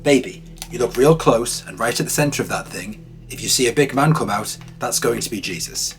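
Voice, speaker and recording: A man's voice: medium pitch, normal speed, a bit bright, soft background music, close to an everyday voice. A man voicing a frightened middle-aged grandmother who pleads and soothes a terrified child, lifting his voice slightly above his narration. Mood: reassuring.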